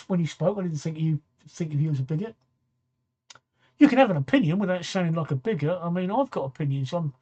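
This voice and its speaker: A man's voice: fairly high pitch, a little mellow, lo-fi sound. Sixty-something man, chatty streamer. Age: 60s. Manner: rambling, repeats phrases, answers viewer comments. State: tired, yawning late at night. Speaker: talk show host. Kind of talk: casual live-stream chat.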